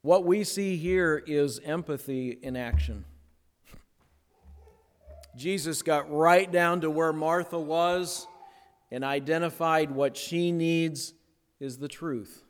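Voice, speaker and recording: Slow-preaching pastor in an echoing hall. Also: male voice, fairly high pitch. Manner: dramatic pauses, dropping to a hush on key words. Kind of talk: sermon. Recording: long hall reverb.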